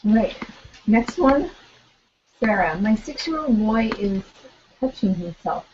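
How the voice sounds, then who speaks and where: A woman's voice: medium pitch, lively intonation, slow pace, darkish tone. A woman co-hosting a call-in Q&A, reading listener questions plainly and adding brief reactions. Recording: dull call audio with faint background noise.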